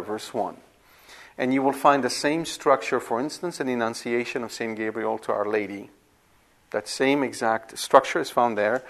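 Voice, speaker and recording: A man giving a classroom lecture on scripture, at a middle pitch. He explains step by step and stops now and then to make sure the students follow. His delivery is unscripted and conversational, with small restarts. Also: normal speed, a bit bright. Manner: explanatory, repeats himself with frequent "right?" checks and restarts. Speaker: Bible teacher.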